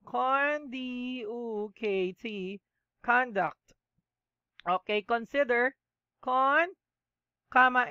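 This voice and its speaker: A woman with a Filipino accent teaching a class, mixing English and Tagalog and slowly spelling out words letter by letter. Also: fairly high pitch, bright, forceful tone, clear, resonant tone, no room sound, dull audio. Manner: slow and methodical, spells out letters one by one. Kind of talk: classroom lecture.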